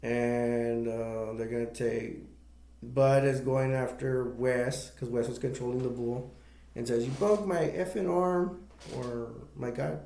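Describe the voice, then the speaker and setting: A man's voice: mid-range voice, little pitch movement, slow, vocal fry, mellow, roomy sound. A man casually retelling the plot of a movie for a review, rambling with many fillers and restarts.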